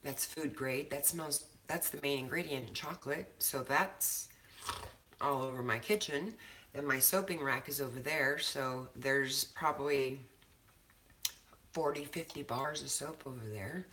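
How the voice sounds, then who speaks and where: A woman's voice: a bass voice, unhurried, fairly bright tone, slight background noise. A woman chatting casually from her home kitchen, talkative and laughing often, swearing now and then. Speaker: co-host of a cannabis show. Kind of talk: casual chat.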